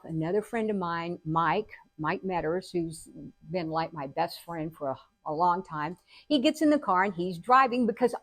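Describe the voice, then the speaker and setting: An older woman hosting a show, telling personal stories in a casual, animated way. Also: fairly low pitch, dry recording. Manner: animated, acts out quotes with laughter. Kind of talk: casual storytelling.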